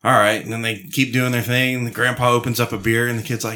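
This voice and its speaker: A man co-hosting a casual podcast, telling a crude joke in a deadpan, swearing way. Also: medium pitch, fast talker. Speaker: podcast co-host.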